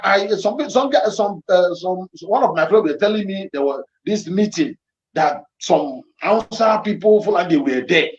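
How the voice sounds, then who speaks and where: A man from Edo State with a Nigerian accent, giving emphatic, repetitive political commentary as a guest. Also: high voice. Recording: echoey, dull lo-fi sound.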